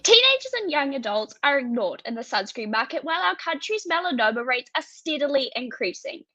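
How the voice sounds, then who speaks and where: Bright teenage girl pitching on a video call. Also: sing-song, fairly quick, dry recording. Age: teens. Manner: clear, recited delivery. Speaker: student presenting her business. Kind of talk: rehearsed product pitch. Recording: dull, dry video-call audio.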